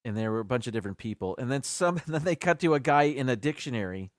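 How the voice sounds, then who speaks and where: A man's voice: medium pitch, lively intonation, fast talker, dry recording, studio quality. A man hosting a live stream in casual chat, talking through words and sounding each one out carefully.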